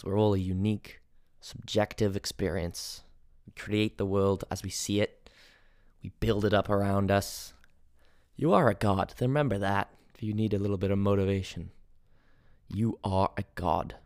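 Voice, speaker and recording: A man's voice: lowish voice, a little mellow, dry recording, studio quality. A man in his twenties hosting a solo podcast, rambling playfully and mocking himself. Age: 20s. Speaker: podcast host.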